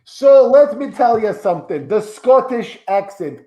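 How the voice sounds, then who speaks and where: Over an echoey video call, a man voices a boastful, rambling actor claiming to be Shrek, with a put-on accent slipping from Scottish to Australian. He sits high in pitch and sounds very animated and warm, speaking a little slowly.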